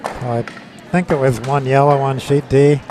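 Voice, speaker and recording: A man doing casual live curling commentary, easygoing and quick to laugh, explaining the rules. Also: medium pitch, little pitch movement, noisy background.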